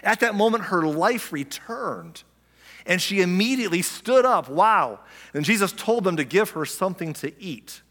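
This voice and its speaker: Male pastor, sermon, conversational, questions to the congregation, slightly high voice, long hall reverb. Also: lively intonation, measured pace, sharp tone. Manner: conversational, asks the listeners questions, acts out quotes.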